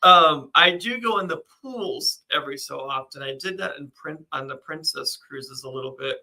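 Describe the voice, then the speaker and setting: A man's voice: on the high side, moderate pace, gravelly, bright, forceful tone, rough recording. A man co-hosting a casual live chat, reading out news items and laughing often. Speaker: co-host.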